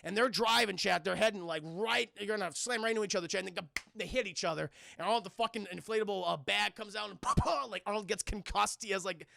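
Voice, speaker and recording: A man's voice: high-pitched, fast talker, gravelly, few pauses, pushed and bright, a little hiss or hum. A man streaming a casual scene-by-scene film recap to his chat, rambling and profane and often calling out to the viewers.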